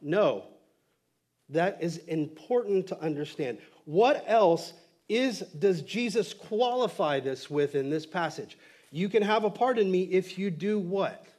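A man's voice: high voice, lively intonation, a little slow, a little mellow. A male pastor preaching a sermon in a casual, conversational way, acting out quotes from the text with lots of fillers.

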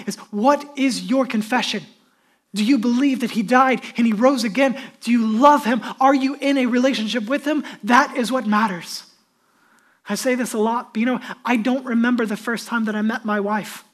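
A male pastor preaching a sermon in an earnest, conversational way, putting questions straight to his listeners. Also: very high-pitched.

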